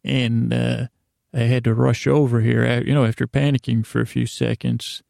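A man voicing an eager man dreaming of a new circus, gushing and halting with fillers, in a told comedy story. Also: medium pitch, level tone, vocal fry, darkish tone, no room sound, studio quality.

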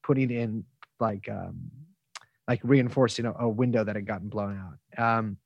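A man's voice: on the low side, fairly even intonation, normal speed, vocal fry, husky, dry recording, lo-fi sound. A man telling stories as an interview guest, rambling through restarts and fillers and swearing freely. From United States. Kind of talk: casual storytelling interview.

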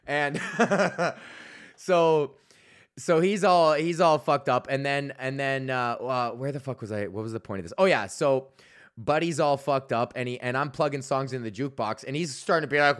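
A man's voice: mid-range voice, moderate pace, a bit bright. A young man hosting a podcast, ranting casually and angrily with constant swearing. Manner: profane, exasperated, heavy swearing. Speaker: podcast host.

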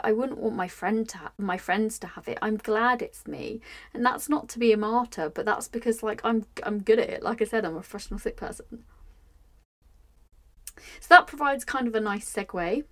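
A young woman talks on her own podcast in a mid-pitched voice. She speaks openly and with feeling, often saying "like" and restarting her sentences as she works through a thought. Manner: candid, emotional, many "like" fillers and restarts. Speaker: podcast host. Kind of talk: personal reflective monologue.

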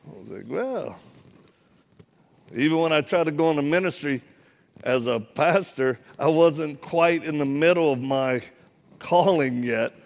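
This adult guest preacher, once a Marine, delivers a sermon to a live church audience, acting out the lines of a humorous story. His slightly high, somewhat mellow voice has vocal fry, and he moves at a measured pace with frequent pauses.

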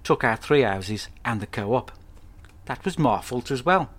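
A man hosting a podcast, telling a comic monologue at home in a rambling, sweary, deadpan way. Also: mid-range voice, a little slow. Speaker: podcast host.

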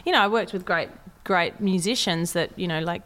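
An Australian woman talks in a relaxed, chatty way as an interview guest. Her voice sits a little low, and she laughs easily. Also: a little fast. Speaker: country music singer, interview guest. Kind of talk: casual interview chat.

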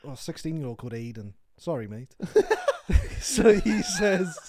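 A man's voice: on the high side, very animated, unhurried, a little mellow. A man in his twenties co-hosting a podcast, chatting casually, laughing often and joking at his own expense. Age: 20s. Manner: laughs often, rambling and self-mocking. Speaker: podcast co-host.

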